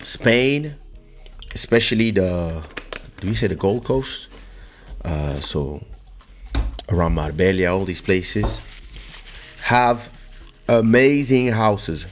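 A man hosting a podcast, chatting casually and telling a family story in an animated way. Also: on the low side, takes it slowly, pauses often, faint music behind. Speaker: podcast host. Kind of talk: casual chat.

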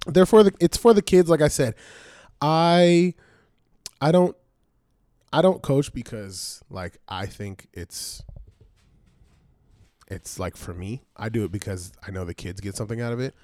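A young man co-hosts a casual podcast, his voice at an ordinary middle pitch. He speaks in a laid-back, joking way and laughs often. The mic is close and the sound is dry. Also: a little slow, pauses often, dark tone, dry recording. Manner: laid-back, laughing, says dude a lot. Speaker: podcast co-host. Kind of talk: casual chat.

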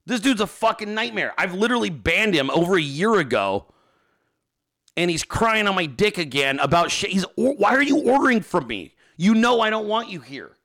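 Male streamer host, bright animated delivery, profane rants, casual reading of viewer mail. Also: sits high, moderate pace. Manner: profane, ranting; reads viewer emails and chat aloud. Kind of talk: casual livestream chat.

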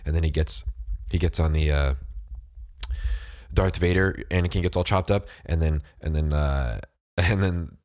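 A man with a cold rambles casually to camera, his voice very low and thickened. He strings thoughts together loosely, dropping "dude" and "bro" constantly. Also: measured pace, pauses often, darkish tone. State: has a cold, voice deeper than usual.

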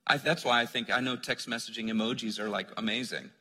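A man preaching a sermon, conversational and joking, dropping to a soft voice when he reads scripture. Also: medium pitch, fairly even intonation, fast, husky. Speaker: pastor. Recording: long hall reverb.

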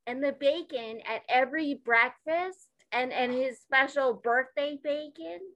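A woman co-hosting a podcast, playful and excitable in casual comedic chat. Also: high-pitched, measured pace, dry recording, dull audio. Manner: playful, excitable, exclaims often. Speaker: podcast co-host.

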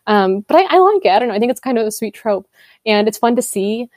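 A woman's voice: fairly high pitch, big pitch swings, fast talker, a little mellow, no room sound. Young female podcast co-host, casual and sarcastic, dry close mic. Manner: chatty, laughs often, playful sarcasm. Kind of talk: casual chat.

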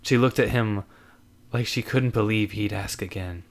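A man narrating a story aloud in an animated reading. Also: fairly low pitch, normal speed.

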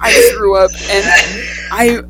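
A teenage girl tells a long story in loose, casual chat. She swears constantly and keeps rambling into quick asides, at an ordinary pitch for a young woman. Faint music plays somewhere in the background. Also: steady tone, low-quality recording. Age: teens.

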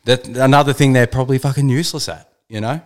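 An Australian man co-hosts a podcast, telling stories in a laid-back, rambling way with plenty of swearing as they chat casually. His voice is medium-pitched and steady, and he talks quickly.

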